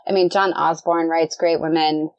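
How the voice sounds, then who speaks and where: A woman author chatting as a guest on a podcast, telling stories in a bubbly, animated way. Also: deep voice, normal speed, dry recording, dull audio. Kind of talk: casual podcast chat.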